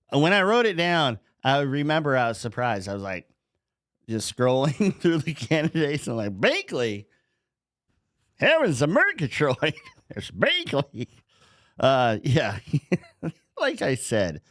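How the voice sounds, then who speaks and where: A man's voice: medium pitch, dry recording, studio quality. Joking, swearing man, podcast host. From North Dakota. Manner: joking, laughs often, swears. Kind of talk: casual podcast monologue.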